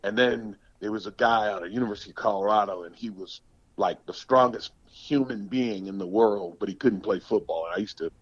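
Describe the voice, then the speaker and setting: A man in his sixties from the United States, a former pro football player telling stories in a podcast interview, animated and emphatic, often repeating words. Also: fairly low pitch, fairly quick, breathy edge, no room sound, lo-fi sound. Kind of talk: storytelling interview.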